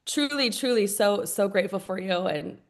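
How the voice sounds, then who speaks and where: A woman's voice: medium pitch, normal speed. A woman leading a sales team, talking on a group video call in an effusive, chatty way, with many fillers and restarts. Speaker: team leader of a sales business.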